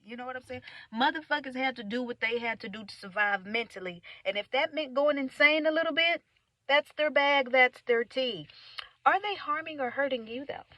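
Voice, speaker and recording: A woman from the United States rants on her vlog in a loose, rambling, profane way. Her voice sits fairly high and sounds very bright and forceful. The sound is dry, with no room echo. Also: moderate pace, dull audio. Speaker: vlogger. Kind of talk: casual ranting monologue.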